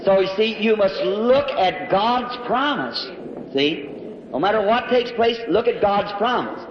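A man's voice: sits high, animated, a little slow, slight background noise. A man preaching a sermon in a fervent, folksy storytelling way, recorded in a large hall at an evening service. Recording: dull lo-fi echoey hall recording.

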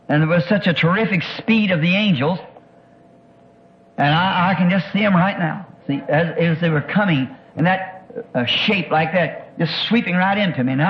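A man preaches a sermon testimony. He speaks earnestly, stumbling over and repeating words as he searches for what to say. The recording is dull and lo-fi, like an old tape. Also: sits high.

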